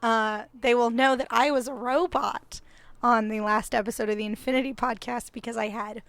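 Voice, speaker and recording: A woman hosting a casual podcast, hoarse and scratchy voiced, bubbly and laughing easily. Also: fairly high pitch, steady tone, normal speed, fairly bright tone, dry recording. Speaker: podcast host.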